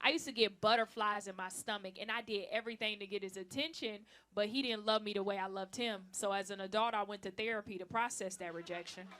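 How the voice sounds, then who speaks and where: A woman in her thirties doing a stand-up comedy set, brash and teasing the crowd, with loud acted-out bits. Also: medium pitch, fairly even intonation, fast, hardly any pauses. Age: 30s. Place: comedy club stage. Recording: live club recording with crowd. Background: audience laughter.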